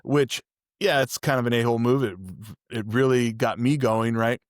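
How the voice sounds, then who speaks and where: A male podcast host with a medium-pitched, fairly even voice tells a personal story at normal speed, casually and candidly, rambling and often restarting. The recording is dry with clean studio sound.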